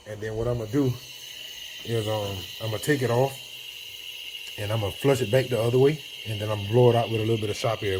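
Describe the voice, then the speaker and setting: Working in a garage, this man narrates a casual how-to, guiding viewers through a car fix step by step in a laid-back manner. He's a DIY mechanic with a somewhat low, slightly mellow voice.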